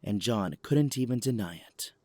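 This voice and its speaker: Calm low-voiced male narrator. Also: moderate pace, dry recording. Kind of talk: scripted narration of an audio drama.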